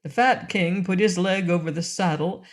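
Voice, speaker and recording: A woman narrating a classic children's audiobook in a gentle, clear reading style. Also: lowish voice, normal speed. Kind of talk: storybook narration.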